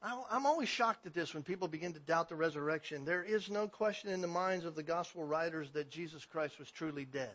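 A man preaching a sermon in an animated way, swinging between loud emphasis and quiet passages. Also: on the high side, brisk, hardly any pauses. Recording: dull lo-fi recording.

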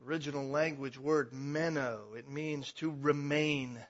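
Brief: male pastor, high and bright, emphatic sermon delivery, dull lo-fi recording. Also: steady tone, measured pace, few pauses. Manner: emphatic preaching, swells to loud passionate stretches.

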